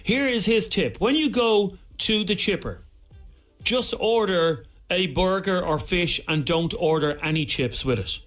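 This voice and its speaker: An Irish man co-hosting a radio show, telling tips in a chatty, animated way from the studio. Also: high-pitched, unhurried, soft background music. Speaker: radio co-host. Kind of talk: casual radio chat.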